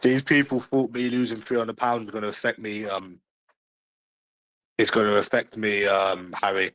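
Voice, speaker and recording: A man's voice: on the low side, flat delivery, normal speed, fairly bright tone, low-quality recording. Blunt, foul-mouthed London man. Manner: blunt, heavy swearing, mocking. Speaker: livestreamer. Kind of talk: casual livestream chat to viewers.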